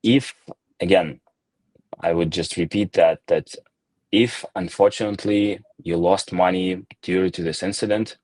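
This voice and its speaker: A company founder answering audience questions in a live Q&A, talking in a measured, hesitant way with many fillers and restarts. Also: male voice, low-pitched, steady tone, a little mellow, no room sound. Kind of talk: live Q&A session.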